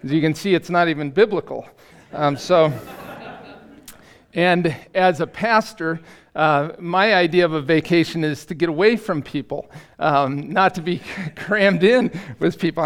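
Middle-aged pastor guy, slow and halting, lots of ums, kinda high smooth voice. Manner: halting, self-deprecating, many fillers and restarts. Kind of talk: sermon. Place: church sanctuary.

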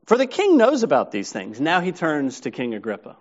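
A man's voice: on the high side, wildly swooping pitch, fairly quick, hardly any pauses, muffled recording. A man preaching a sermon, reading scripture aloud and then explaining it in a conversational way. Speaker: pastor.

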